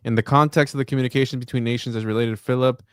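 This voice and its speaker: A man co-hosting a podcast, reading an article aloud haltingly and breaking off with wry asides. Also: mid-range voice, fairly even intonation, clean tone, no echo, clean studio sound.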